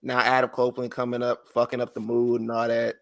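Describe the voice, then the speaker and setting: Bright-voiced man telling wild wrestling stories. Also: fast talker, creaky. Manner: animated storyteller, acts out quotes in high voices. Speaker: podcast co-host. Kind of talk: casual wrestling podcast banter.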